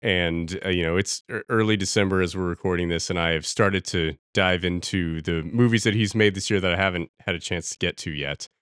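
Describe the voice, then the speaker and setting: Male podcast co-host, deep voice, dry close mic, rambling casual film talk. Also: fairly even intonation, a little fast, few pauses, fairly bright tone, smooth, dry recording. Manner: rambling, laughs at what he describes. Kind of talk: casual film review chat.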